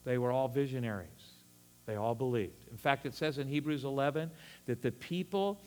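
A middle-aged man preaching a sermon, animated and folksy, with chuckling asides. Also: medium pitch, big-room sound. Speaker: pastor.

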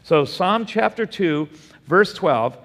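A man's voice: sits high, expressive, slow, fairly bright tone. A man preaching a Bible study sermon, asking the room questions and answering them himself. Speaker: pastor teaching a Bible study. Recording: long hall reverb.

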